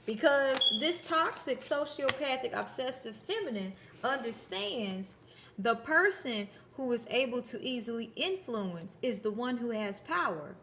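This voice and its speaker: A woman's voice: on the high side, animated, unhurried, fairly bright tone, slight background noise. A woman in her thirties talking casually to her viewers, blunt and preachy, swearing freely. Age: 30s. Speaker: spiritual channel host. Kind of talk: casual spiritual talk to camera.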